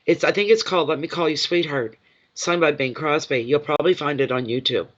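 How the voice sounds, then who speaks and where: A man giving a live intuitive reading, emotional and awed, halting and restarting as he talks. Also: on the high side, fairly bright tone, muffled recording. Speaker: intuitive card reader.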